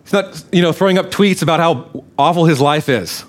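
A man's voice: on the high side, fairly quick. Conversational man teaching a sermon. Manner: conversational, checks in with listeners. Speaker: preacher. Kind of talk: sermon-style Bible teaching.

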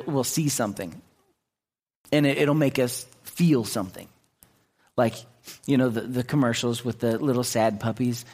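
A man preaching a sermon in an earnest way, often restarting his words and clearing his throat. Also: mid-range voice. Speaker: pastor.

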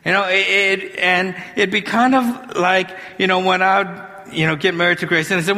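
A male pastor preaching a sermon in a conversational, animated way, with humorous asides. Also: high-pitched, normal speed, few pauses. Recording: long hall reverb.

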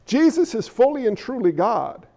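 A man preaching a sermon as pastor in an animated, conversational way with jokey asides. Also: very high voice, normal speed, long reverb tail.

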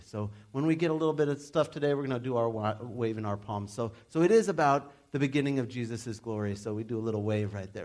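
A young adult man preaching a sermon as pastor, in a casual, animated way with frequent restarts. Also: fairly high pitch.

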